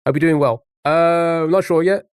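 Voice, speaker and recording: A man's voice: a little high, normal speed, clear, resonant tone, dry recording, studio quality. A man live-streaming a word game, chatting casually and greeting viewers by name.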